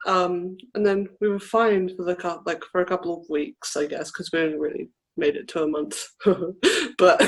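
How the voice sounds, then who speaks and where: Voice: mid-range voice, lively intonation, moderate pace, breathy edge. A podcast co-host in casual chat, telling a personal story and acting out quoted lines, with lots of "like". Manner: rambling storyteller who acts out quoted lines, heavy use of "like".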